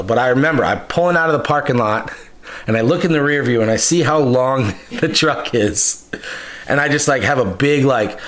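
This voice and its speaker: A man's voice: mid-range voice, normal speed. Young man, podcast host, casual chat, rambling and profane. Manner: loose, profane, rambling storyteller.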